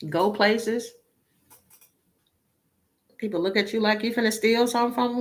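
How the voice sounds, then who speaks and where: A woman's voice: a little high, fairly even intonation, moderate pace, long pauses. A woman talking casually to her viewers as a tarot reader, sounding weary, exasperated and emotionally drained, blunt and swearing now and then.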